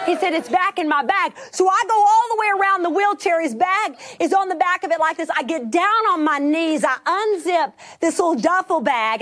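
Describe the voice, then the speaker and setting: A middle-aged woman telling a testimony as a sermon, animated, rising to laughing emphasis and dropping to hushed whispers. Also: very high-pitched. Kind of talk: sermon storytelling.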